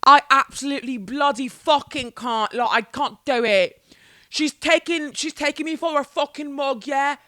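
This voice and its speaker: A high, squeaky-voiced young British woman in full theatrical outrage, swearing and sulking over nothing, as a woman puts her on in a comedy podcast. The sound is dry and close. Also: normal speed, pushed and bright, no echo. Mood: mock outrage. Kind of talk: comedic impression in a podcast monologue.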